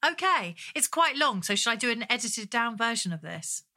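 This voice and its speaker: A woman co-hosting a podcast, chatting casually and giggling often in quick bursts. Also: on the high side, sing-song, pushed and bright. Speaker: podcast co-host. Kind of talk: casual chat.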